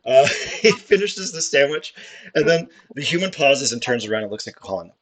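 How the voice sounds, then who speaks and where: A man narrating as game master, improvising grotesque scenes with animated, laughing delivery. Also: medium pitch, moderate pace.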